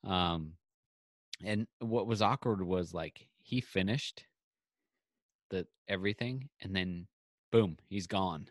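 A man's voice: sits low, slow, long pauses, no room sound. A man co-hosting a podcast, telling a story in casual chat and acting out both sides of the conversation. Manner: animated retelling with quoted back-and-forth. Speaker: podcast co-host. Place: home, on a video call.

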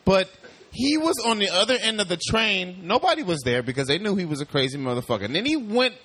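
A man chatting casually as a podcast guest, telling animated stories with plenty of swearing. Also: high-pitched, quick pace. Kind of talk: casual chat.

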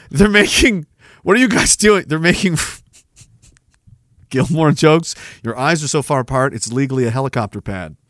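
A man's voice: fairly high pitch, animated, unhurried, pauses often, a bit bright, no room sound, clean studio sound. A man hosting a live stream, chatting casually in a rambling, profane way and laughing often. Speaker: podcast host. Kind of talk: casual livestream chat.

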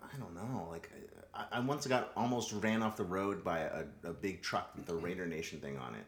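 A man's voice: sits low, moderate pace. A man co-hosting a casual chat, joking and rambling enthusiastically. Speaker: podcast co-host. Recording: roomy echo.

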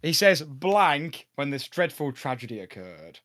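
A man's voice: fairly high pitch, dry recording. Chatty man, close dry sound. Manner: chatty, animated, quick asides and quoted lines. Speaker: podcast co-host. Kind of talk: casual chat about a sitcom episode.

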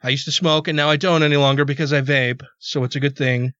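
A man's voice: fairly high pitch, steady tone, fast talker, fairly bright tone, dry recording. A man hosting a podcast, telling a rambling story in casual chat, cursing freely and repeating words when worked up. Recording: dull, dry podcast audio.

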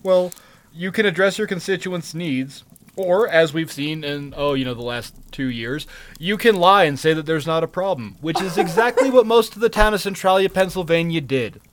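A man's voice: fairly high pitch, moderate pace, noisy background. Sarcastic, swearing male storyteller. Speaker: podcast co-host telling a story. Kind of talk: casual storytelling chat.

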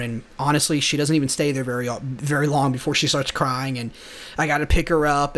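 A man's voice: medium pitch, fairly bright tone. A young man hosting a podcast, talking through a casual motivational monologue in an earnest, rambling way with many restarts. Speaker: podcast host.

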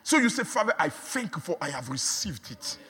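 A man delivers a sermon in a high, lively voice that climbs and dips all over. He repeats words for emphasis and swings between quiet asides and shouts. His voice rings out with a long echo, as in a large hall. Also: brisk. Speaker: preacher.

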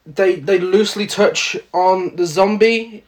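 Slightly high-voiced man on a podcast. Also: takes it slowly. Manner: jokey, laughs easily. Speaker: podcast co-host. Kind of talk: casual film chat.

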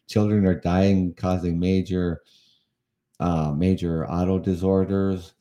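A man's voice: low voice, level tone, slow pace, warm tone, muffled recording. A man in his fifties from Canada, hosting a casual live podcast, often chuckling and sounding exasperated, rambling with restarts. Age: 50s. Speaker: podcast host. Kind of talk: casual live-show talk.

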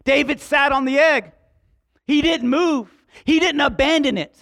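A man preaches a sermon. He tells his story dramatically and acts out the dialogue. He raises his voice to shouts at the peaks. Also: very high voice, unhurried, no room sound, studio quality.

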